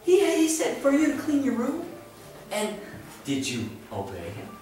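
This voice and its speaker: A woman's voice: a little high, wildly swooping pitch, moderate pace, mellow. A woman playfully interviewing young children with teasing questions and exclamations. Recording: echoey room from far off, music behind. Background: music.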